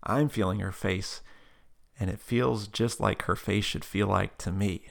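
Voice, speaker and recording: A man telling a personal story in a relaxed conversational way, with many fillers and restarts and bursts of animated delivery. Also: on the low side, a little slow, vocal fry. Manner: animated, breaks into loud excited quotes.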